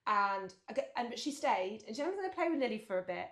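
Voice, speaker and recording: In a casual podcast chat, a woman co-host tells lively stories, laughing frequently and acting out people's quotes. She talks fast in a mid-range voice, and the recording sounds roomy.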